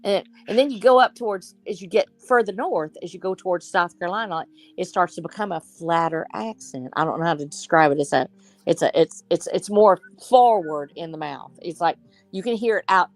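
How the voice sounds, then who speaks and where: A woman from Texas talks in a casual group chat, lower-pitched than most women. She is animated and thinks aloud with restarts. Faint music plays underneath. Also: fairly quick, no room sound. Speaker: co-host.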